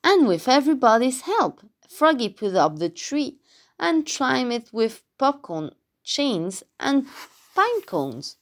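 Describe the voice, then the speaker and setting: A woman reading a children's storybook aloud, expressive and adding sound effects. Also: sits high, takes it slowly.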